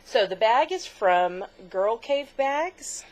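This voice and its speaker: A woman's voice: a little high, lively intonation, slow pace. A middle-aged woman co-hosting a crafts podcast in casual chat, gushing, chatty and easily moved. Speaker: podcast co-host.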